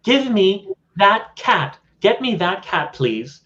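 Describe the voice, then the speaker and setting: A man's voice: sits high, very animated, slow pace, pushed and bright, pitched above the performer's own voice, heavily acted. A man voicing a spoiled six-year-old rich boy who whines and demands things, in a tabletop game. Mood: whiny demanding. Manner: whiny, demanding. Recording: dull lo-fi audio.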